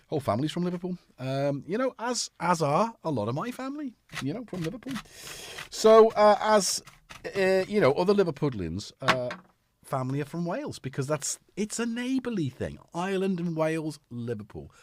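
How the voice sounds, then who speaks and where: A man hosts a livestream in a slightly high, sing-song voice at a moderate pace, with a bit of background noise. He chats casually and rambles, trailing off mid-thought while synth music plays underneath.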